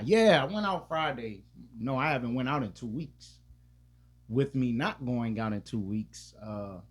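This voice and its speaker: A man with a husky, slightly rough voice chats on a podcast. He talks in a loose, profane, rambling way, often restarting his sentences, and his pitch sits in an ordinary middle range. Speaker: podcast co-host. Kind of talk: casual storytelling chat.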